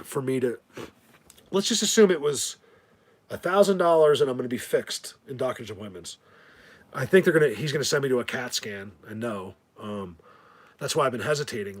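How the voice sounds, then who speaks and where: Male streamer, husky, rambling and stammering, casual thank-you chat. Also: mid-range voice. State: whistling ringing in ears. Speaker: livestream host.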